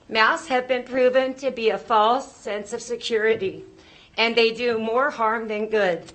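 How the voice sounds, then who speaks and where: A woman's voice: on the high side, fairly bright tone. A woman, a mother, giving a nervous, emotional public comment at a board meeting and pleading with the board.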